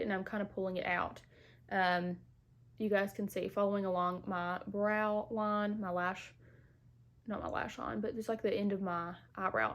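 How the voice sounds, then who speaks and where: A young woman vlogger chatting casually through a makeup tutorial at home, playful and full of asides, a little short of breath while she recovers from illness. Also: medium pitch. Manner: chatty, playful asides, Southern-style "y'all". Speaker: beauty vlogger.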